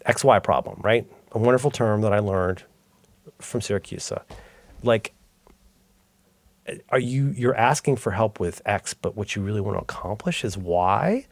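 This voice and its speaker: A podcast co-host with a lowish voice tells stories in casual chat, rambling, cutting himself off, and getting animated along the way. The recording is dry.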